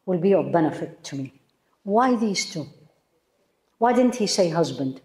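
A woman's voice: lowish voice, animated, measured pace, pauses often, a little mellow. Emphatic woman lecturing in an echoey room. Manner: emphatic, asks the audience rhetorical questions. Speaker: Islamic teacher. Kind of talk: religious lecture to a women's audience. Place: room with women listeners.

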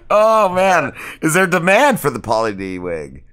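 A man's voice: on the high side, wildly swooping pitch, slow, long pauses, fairly bright tone. A man hosting a podcast, chatting casually and laughing often. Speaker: podcast host. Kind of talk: casual chat.

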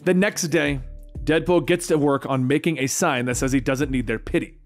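A man narrating a comic book story in a lively, quick recap style. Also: fairly high pitch, soft background music.

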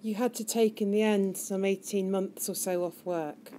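A woman questioning a witness at a formal hearing, in a measured, gentle way. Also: mid-range voice, steady tone, a little hiss or hum. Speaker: inquiry counsel questioning a witness. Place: hearing room.

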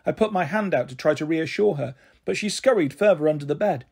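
A man reading a children's book aloud as a storyteller, in an expressive, animated way. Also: a little high, fairly quick, vocal fry, breathy edge.

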